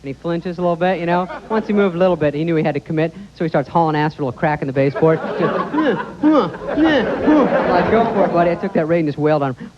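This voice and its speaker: A man's voice: fairly high pitch, rapid-fire, hardly any pauses, a crowd in the background. A young man doing a stand-up routine on a TV studio stage, sarcastic and jumpy, acting out little voices as he goes. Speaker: stand-up comedian. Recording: dull early 90s TV audio with loud audience.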